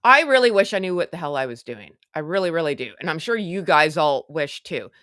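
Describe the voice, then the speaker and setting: A woman's voice: low voice, very animated, a little fast, a bit bright, no echo, clean studio sound. A woman hosting a casual celebrity gossip livestream, chatty and sarcastic as she talks to her viewers. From Canada. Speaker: livestream host.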